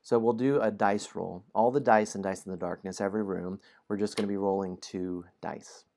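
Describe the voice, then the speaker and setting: Low-voiced guy reading the story then talking thru game rules, relaxed. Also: moderate pace, gravelly. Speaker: host of a game stream.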